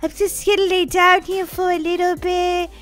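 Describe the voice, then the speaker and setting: A woman's voice: very high-pitched, little pitch movement, normal speed, a bit bright, soft background music. A woman playing a sick sister in a family role-play game, whiny and pleading. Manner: whiny, pleading, fake sneezes. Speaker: role-player voicing Daisy.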